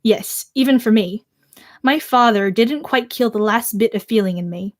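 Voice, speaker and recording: A storybook narrator with a wobbly attempt at an Irish accent, as a teenage girl reads aloud, fairly high and halting. The read is careful and measured. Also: natural voice. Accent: amateur attempt at Irish. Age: teens. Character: first-person narrator of a war novel, read in a put-on Irish lilt. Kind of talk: reading a novel aloud.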